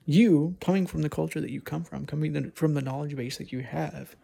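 Gravelly husky man musing aloud. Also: on the high side, fairly quick, mellow. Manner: rambling, thinking aloud with many restarts. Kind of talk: casual solo monologue.

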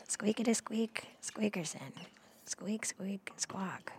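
Woman, ASMR host, whispered role-play; soft playful whisper, slight fry. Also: medium pitch, lively intonation, moderate pace, slight background noise.

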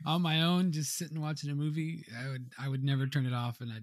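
A man's voice: fairly high pitch, steady tone, quick pace, no echo. Easygoing male podcast co-host, dry sound. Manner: easygoing, laughs often. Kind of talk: casual movie-review chat.

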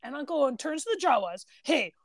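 A woman's voice: a little high, normal speed, a bit bright, no room sound. A woman co-hosting a podcast with her sister, casually retelling scenes and quoting lines. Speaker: podcast co-host. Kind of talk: casual chat.

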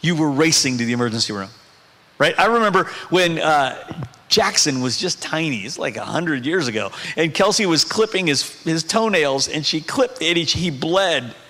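A man's voice: on the high side, animated, moderate pace, sharp tone. A male pastor preaching a sermon in a conversational way, with humorous asides. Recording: preaching in a hall with long reverb.

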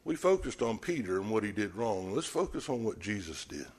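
A man's voice: lowish voice, very animated, brisk, darkish tone, breathy edge. A man preaching a sermon, telling the story with animation and acting out scenes.

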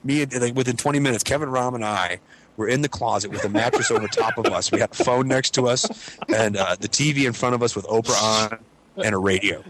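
A young man tells a rambling story among friends, animated and loose, cursing as he goes. His pitch sits in an ordinary middle range, and a faint hiss lies under the recording. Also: quick pace. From Cleveland, Ohio. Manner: animated, swears freely, acts out voices. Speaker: podcast regular. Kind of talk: casual storytelling.

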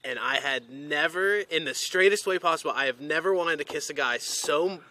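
Bright-voiced young man, laughing storyteller. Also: fairly high pitch, moderate pace. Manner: laid-back, laughs through his stories. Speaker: guest. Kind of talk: casual chat, storytelling.

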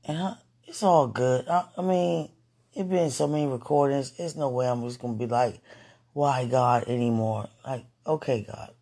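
A man recording an emotional late-night vlog, overwhelmed and near tears, pleading and sighing in breathy whispers. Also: medium pitch, normal speed, dark tone. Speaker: vlogger.

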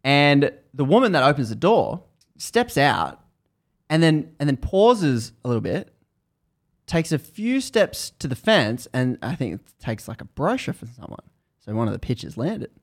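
A man's voice: medium pitch, very animated, unhurried. A man hosting a podcast, casually retelling a book's story in a loose, rambling way with many restarts.

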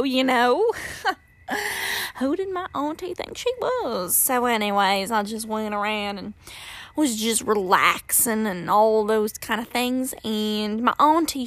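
A woman telling a personal story in a casual, animated way, often dramatizing her panic and laughing at herself. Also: on the high side, no echo.

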